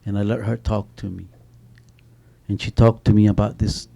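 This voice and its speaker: Man, middle-aged, author panel, warm mellow voice, storytelling, restarts, "you know". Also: lowish voice, normal speed, vocal fry. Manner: animated, many restarts and repeated "you know". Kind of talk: panel talk with spoken storytelling.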